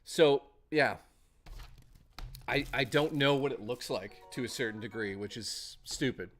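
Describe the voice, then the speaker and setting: A man's voice: mid-range voice, a little slow, a bit bright. A man streaming casually, rambling and chatting and reading out messages from his chat.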